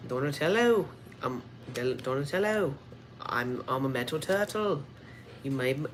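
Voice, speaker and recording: A streamer voicing a metal robot turtle, speaking in a put-on Irish accent that slides toward Australian, loud and slow. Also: medium pitch, animated, lightly acted. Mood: insistent. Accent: put-on Irish, drifting Australian. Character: metal robot turtle made by an inventor, puzzled. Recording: noisy background.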